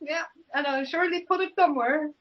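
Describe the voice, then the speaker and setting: A woman's voice: high voice, fairly quick, crowd noise. A woman hosting a podcast interview, blunt, jokey and profane in a casual chat. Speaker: podcast host. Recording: slightly muffled recording.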